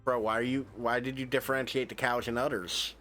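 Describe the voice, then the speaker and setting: A man's voice: medium pitch, little pitch movement, a little fast, pushed and bright, faint music behind. A man streaming a game, reading its text aloud and breaking off into joking, swearing asides.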